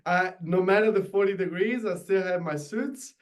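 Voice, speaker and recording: An Italian man speaking English as a second language, with a voice pitched a little high. He talks eagerly but haltingly, restarting his sentences often as an interview guest. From Italy. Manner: enthusiastic, halting with many restarts. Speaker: guest, tailor. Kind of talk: casual interview.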